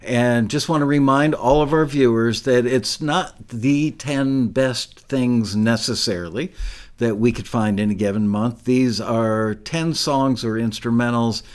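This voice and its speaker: A man hosting a live stream, talking in a relaxed, rambling, self-deprecating way. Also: mid-range voice, unhurried. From Southern California. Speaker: show host. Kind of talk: casual live-stream chat.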